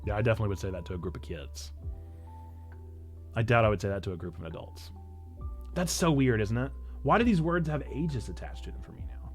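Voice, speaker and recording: A pastor from Illinois with a Northern Illinois accent, chatting casually on a livestream and answering chat in a playful, self-mocking way. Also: male voice, lowish voice, expressive, a little fast, long pauses, soft background music. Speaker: pastor and streamer.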